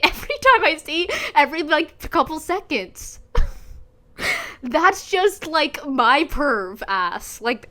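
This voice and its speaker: A woman in her twenties hosts a podcast, chatting candidly in a high, sharp voice. She swears freely and often breaks into giggles.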